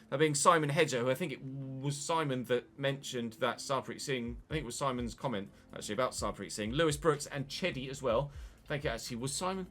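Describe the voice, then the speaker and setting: A man giving casual, jokey let's-play commentary on his own football video game match, chatty and quick to get excited. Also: on the high side. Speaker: gaming YouTuber.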